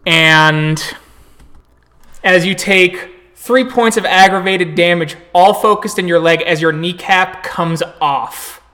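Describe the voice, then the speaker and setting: A man's voice: sits high, slow pace, pushed and bright. A man narrating a tabletop role-playing game as storyteller, describing the action in vivid, gory detail.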